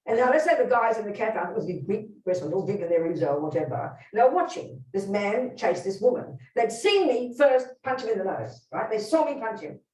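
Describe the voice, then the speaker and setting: A woman's voice: medium pitch, sing-song, fairly quick, hardly any pauses, a little mellow, far from the mic. A Buddhist nun teaching a live workshop, speaking bluntly and emphatically and putting direct questions to her listeners. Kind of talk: teaching talk to a live group. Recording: roomy hall, speaker away from the mic.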